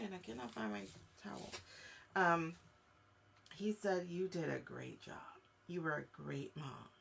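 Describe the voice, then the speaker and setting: A woman hosting a live-streamed spirit reading, talking to a single viewer in a gravelly voice with vocal fry. She feels her way through each thought, pausing on fillers as she goes. A light hiss sits under the recording. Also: low-pitched, sharp tone. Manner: halting, searching speech full of fillers; speaks directly to a viewer. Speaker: psychic medium host.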